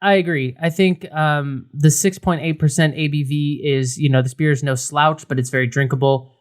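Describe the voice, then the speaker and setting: A man's voice: fairly high pitch, fairly even intonation, normal speed. A man co-hosting a beer podcast, talking casually with lots of fillers and restarts. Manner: rambling, many fillers and restarts. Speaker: podcast co-host. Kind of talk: casual beer review chat.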